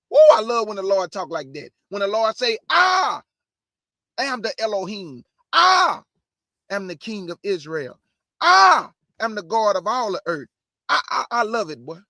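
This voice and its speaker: A man preaching from the Bible, mixing scripture reading with slangy asides and shouted bursts. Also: high-pitched, dry recording, studio quality. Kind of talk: energetic street-style Bible preaching.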